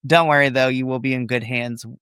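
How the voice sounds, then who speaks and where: A man hosting a casual wrestling review podcast, playful and jokey with quick asides. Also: medium pitch, steady tone, a bit bright, clean tone, no echo, studio quality. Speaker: podcast host.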